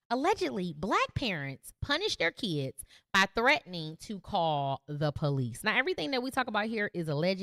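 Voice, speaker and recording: A woman's voice: medium pitch, a bit bright, no echo, studio quality. A woman hosting a podcast, giving earnest, emphatic commentary on a video she is reacting to. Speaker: podcast host. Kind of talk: opinionated commentary.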